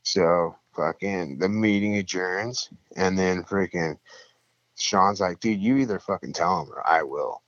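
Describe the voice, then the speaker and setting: A young man telling a story in casual, profane talk, acting out the people in it with louder, higher voices. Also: measured pace, no echo, lo-fi sound.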